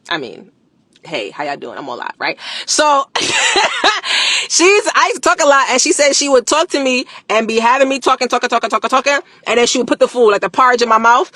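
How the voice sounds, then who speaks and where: A woman chatting casually on a live stream. She is animated, slangy and emphatic, repeats phrases for emphasis and laughs often. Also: a little high, dry recording. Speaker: livestreamer promoting a product.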